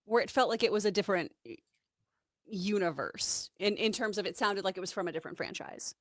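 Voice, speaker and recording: A woman's voice: medium pitch, fairly quick, dry recording. A woman co-hosting a casual chat show, giving dry, wry reactions. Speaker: co-host.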